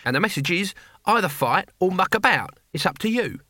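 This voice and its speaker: A man's voice: high voice, lively intonation, sharp tone, dry recording, clean studio sound, voice pushed up, exaggerated voice. A man doing a blunt old barbarian chief. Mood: gruff. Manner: blunt, slow and matter-of-fact.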